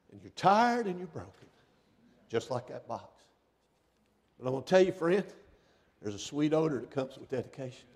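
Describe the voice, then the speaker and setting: High-voiced preacher in a reverberant church. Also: male voice. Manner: swings from shouting to hushed, near-whispered passages. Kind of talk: sermon. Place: church sanctuary. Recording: long hall reverb.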